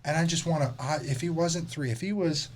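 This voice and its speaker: A man's voice: fairly high pitch, a little fast. A man in his thirties telling a road trip story to camera as a vlogger and father, swearing freely and acting out what people said. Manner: profane, animated, acts out quotes. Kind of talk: casual storytelling.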